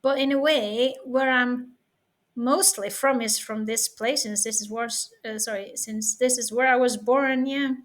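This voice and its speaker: A Norwegian vlogger chats casually in English into a webcam at home, in a fairly high voice with fairly even intonation and a slightly slow pace. She's playful, giggly, and rambling.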